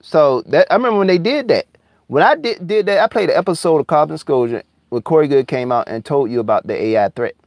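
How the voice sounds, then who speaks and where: A man ranting angrily and profanely on his live stream, repeating himself and sometimes drawling words out slowly. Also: a little high, expressive, a little mellow, no room sound. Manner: heated, profane, repetitive, drawling slowdowns. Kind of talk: angry conspiracy rant on a live stream.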